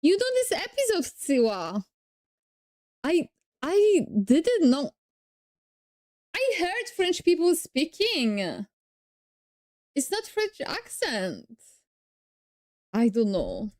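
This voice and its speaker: A woman's voice: high-pitched, huge pitch swings, slow, pauses often, darkish tone. A young woman with a Polish accent, a streamer casually reacting and thinking aloud with frequent restarts.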